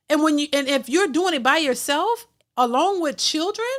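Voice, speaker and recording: A woman's voice: expressive, moderate pace, few pauses, fairly bright tone. A woman hosting a reaction stream, reading out super chats and commenting casually, with frequent fillers and repeated words. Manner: repeats words, many fillers, rises high when emphatic. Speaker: reaction channel host.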